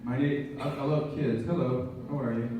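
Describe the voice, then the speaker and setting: A man's voice: medium pitch, steady tone, moderate pace, mellow, recorded from a distance, a little hiss or hum. A man in his late thirties doing live stand-up, teasing the crowd playfully on a handheld mic in a big auditorium. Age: late 30s. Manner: playful, teasing crowd work with acted quotes. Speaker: stand-up comedian and guest actor. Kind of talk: live stand-up with audience banter. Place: large college auditorium stage. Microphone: handheld mic, heard from far off. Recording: echoey hall audience recording from afar.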